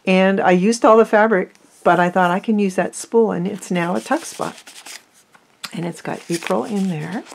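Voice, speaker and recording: A woman hosting a craft video, talking softly and fondly through a flip-through while losing her voice. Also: mid-range voice, moderate pace, creaky, slight background noise. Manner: soft-spoken, fond, often drops to a near whisper. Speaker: crafting channel host. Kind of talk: casual journal flip-through.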